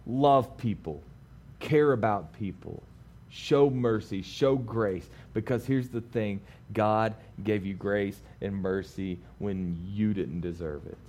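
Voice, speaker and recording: A man in his thirties preaching a sermon, alternating lively, laughing storytelling with calm scripture reading. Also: fairly low pitch, slow. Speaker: pastor.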